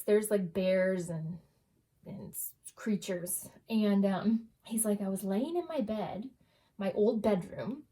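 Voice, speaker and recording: A woman's voice: mid-range voice, warm tone. A woman, telling a story in a chatty voice-over full of fillers and laughter. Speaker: journaling vlogger.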